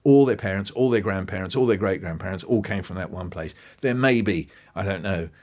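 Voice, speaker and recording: Discussing education as an interview guest, this deep-voiced man talks briskly yet casually. His storytelling is lively, full of asides and false starts as he thinks aloud, and he momentarily performs the voices of those he's quoting.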